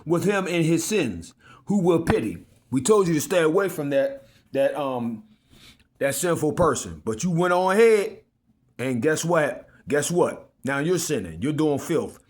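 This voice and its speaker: A man preaching in an informal sermon, reading old scripture slowly and emphatically and breaking into slangy asides. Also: fairly high pitch, expressive.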